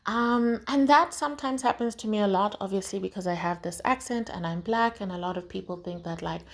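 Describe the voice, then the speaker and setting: A woman's voice: mid-range voice, brisk. A woman from South Africa hosting a podcast, talking frankly in a casual motivational monologue, with lots of swearing and "right?" tags. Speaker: podcast host.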